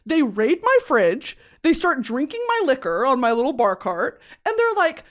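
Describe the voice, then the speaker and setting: A young woman with a Texan accent tells a comic story as a podcast host, swearing freely and breaking into laughter. Her voice sits fairly high and leaps around in pitch with lively energy. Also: moderate pace. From Texas. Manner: animated, profane, laughs often. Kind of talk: comedic storytelling.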